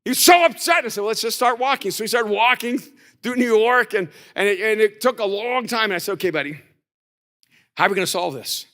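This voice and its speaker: A male pastor preaching at a conference, his voice high and bright with a forceful edge. He tells stories, sometimes quiet and sometimes shouting. The sound rings with the long reverb of a big hall. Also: a little fast. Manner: storytelling, shifts between soft and shouted. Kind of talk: conference sermon.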